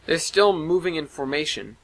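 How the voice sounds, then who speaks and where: A man playing a tense female officer, hurried, a little higher. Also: lively intonation, a bit bright, rough recording. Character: stressed female sensor officer.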